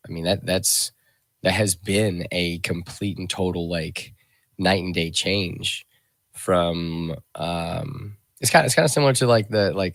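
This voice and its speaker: Low raspy-ish guy rambling on a radio show, lots of restarts, dry sound. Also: steady tone, no echo. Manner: rambling, halting, many restarts and fillers. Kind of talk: casual reflective talk.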